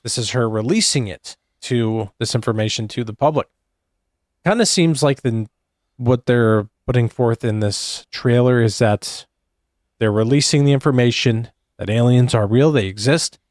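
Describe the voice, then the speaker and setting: A man's voice: medium pitch, normal speed, a little mellow, dry recording, clean studio sound. A man hosting a reaction video, steadily describing what is on screen as it plays. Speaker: channel host.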